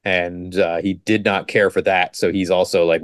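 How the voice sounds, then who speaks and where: Sarcastic low-voiced man recapping a movie. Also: little pitch movement, dry recording, studio quality. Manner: joking, sarcastic, quotes scenes in quick put-on lines. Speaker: podcast co-host. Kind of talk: casual movie recap chat.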